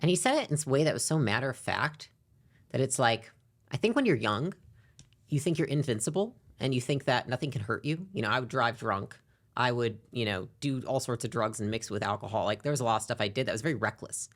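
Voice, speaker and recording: A young adult woman, a podcast guest, frankly telling a personal story, reflective, sometimes rushing and sometimes dropping quiet. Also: a bass voice, expressive. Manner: frank and reflective, often speeding up and trailing off quietly. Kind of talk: candid personal story in an interview.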